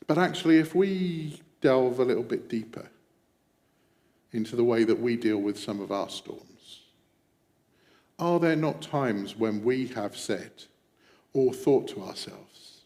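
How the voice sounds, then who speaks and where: Reflective male preacher, hushed at times. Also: medium pitch, moderate pace, long reverb tail. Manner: reflective, dropping to a hush on quoted prayers. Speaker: pastor. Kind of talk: sermon.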